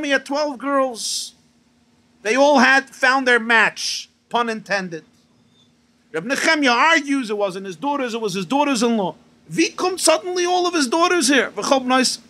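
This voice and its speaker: A rabbi preaching at a gathering, telling stories and jokes, mixing in Hebrew and Yiddish terms. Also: male voice, very high-pitched, sharp tone.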